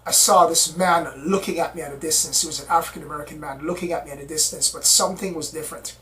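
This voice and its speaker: High-voiced man telling his story. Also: steady tone, quick pace, pushed and bright, slight background noise, rough recording. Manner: rambling, repeats himself, earnest. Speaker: experiencer recounting encounters. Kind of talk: personal account, casual storytelling.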